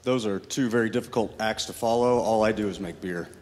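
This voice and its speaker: A man with a very deep voice gives a talk to an audience, using dry, self-deprecating humor. The sound carries a long hall reverb. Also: a little fast, heavy background noise. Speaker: guest speaker, brewery founder. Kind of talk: presentation to an audience. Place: university hall. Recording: hall reverb from a room mic.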